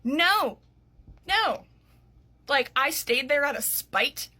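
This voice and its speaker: A woman in her thirties, an author, retelling a story in an indignant, animated vlog style, still worked up. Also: sits high, slow. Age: 30s.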